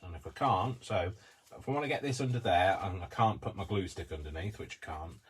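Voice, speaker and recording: A man's voice: low voice, a little fast, husky. A man hosting a live craft tutorial, talking casually through each step with rambling, self-mocking asides. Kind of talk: live-streamed craft demonstration.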